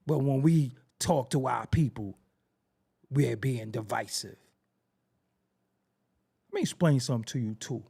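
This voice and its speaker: A man's voice: mid-range voice, vocal fry, dark tone, husky. A man hosting a podcast, ranting in heated commentary, hammering phrases again and again and firing rhetorical questions. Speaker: podcast host.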